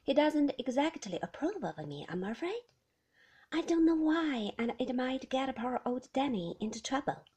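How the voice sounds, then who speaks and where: A woman reading the lines of a teasing, flirtatious man in a story, speaking loudly. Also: sits high, animated, normal speed, husky, voice pushed up. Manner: teasing and loud. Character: cheeky, flirtatious man in sports car.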